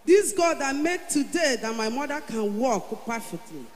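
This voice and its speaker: A Nigerian woman giving an emotional church testimony, growing fervent and loud as she declares her prayers. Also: high-pitched, animated, normal speed. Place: large church hall. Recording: echoey church hall, faint hum.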